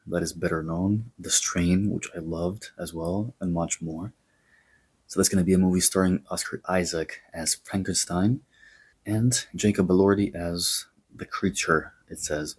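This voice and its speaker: A Greek-accented man hosts his own show, spinning myths and film trivia in loose, chatty storytelling. His voice sits deep and carries a husky grain. He drifts into asides and teases his listeners. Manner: chatty, digressive, playfully joking. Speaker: podcast host. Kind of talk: casual podcast storytelling.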